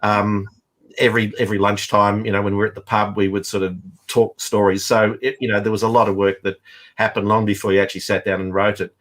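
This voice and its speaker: A middle-aged man who writes and teaches comics, talking casually in a rambling way full of fillers and restarts. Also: fairly low pitch. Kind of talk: casual chat.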